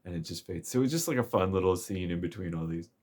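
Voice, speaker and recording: A man's voice: sits low, expressive, quick pace, darkish tone. A man casually recapping a game's story chapter, rambling and chuckling with plenty of fillers. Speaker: game story commentator.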